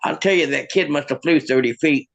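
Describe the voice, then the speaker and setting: A man with a raspy, fried edge to his slightly raised voice tells self-mocking jokes. He chuckles at his own punchlines, heard through a video call. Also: a little high, fairly quick, fairly bright tone, muffled recording. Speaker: stand-up comic and magician. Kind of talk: stand-up comedy over a video call.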